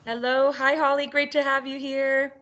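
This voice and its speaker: A woman with a bright, forward tone and a slightly high voice welcomes people on a video call. She hosts an online teacher roundtable and keeps things upbeat and chatty, laughing often. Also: flat delivery, moderate pace, highs cut off. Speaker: webinar host.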